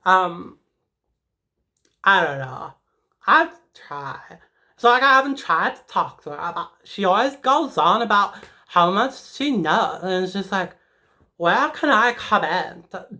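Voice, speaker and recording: A woman's voice: medium pitch, expressive, takes it slowly, pushed and bright. A woman playing a sassy, dramatic teenage schoolgirl in a comedic character monologue, rambling and emotional with lots of "like". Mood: reflective.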